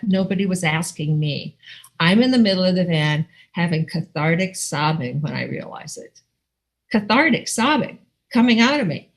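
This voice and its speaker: Middle-aged woman from Iowa, lowish voice, lively testimony, laughs a lot, video-call mic. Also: moderate pace, poor audio. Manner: animated storytelling with frequent laughs and acted-out quotes. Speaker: recovery meeting speaker. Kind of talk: personal testimony. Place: home, online video call. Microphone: video call microphone.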